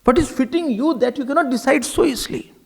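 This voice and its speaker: A man's voice: extremely high pitch, quick pace, gravelly, darkish tone, husky. A man with an Indian English accent giving a sermon as a swami, repeating key phrases for emphasis and slipping Hindi words into his English. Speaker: swami giving a spiritual talk.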